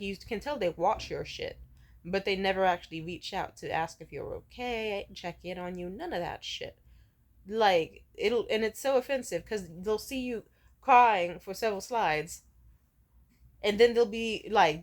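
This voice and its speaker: A woman's voice: medium pitch, moderate pace. Profane young woman ranting. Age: 20s. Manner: emotional, profane, ranting storyteller. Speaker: vlogger. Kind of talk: casual vlog rant.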